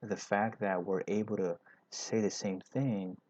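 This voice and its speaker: Male English teacher, lowish voice, slow, patient explainer, dry close mic with a dull lo-fi sound. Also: fairly even intonation, darkish tone, dry recording. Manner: patient, explains step by step, adds "right?" to check in. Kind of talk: grammar lesson.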